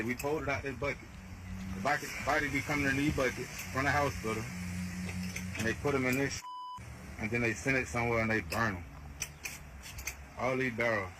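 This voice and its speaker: Man, graveyard worker, casual slang, lowish voice, clear outdoor noise. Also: fairly even intonation, brisk. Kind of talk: casual social video.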